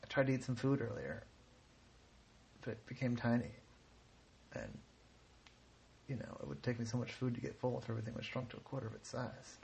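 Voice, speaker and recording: A man's voice: mid-range voice, a little fast, gravelly, long pauses, a little mellow, slight background noise, lightly acted. A man voicing a worried, grateful client in a bedtime story, hesitant and rambling. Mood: relieved. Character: worried, grateful man cursed to shrink things.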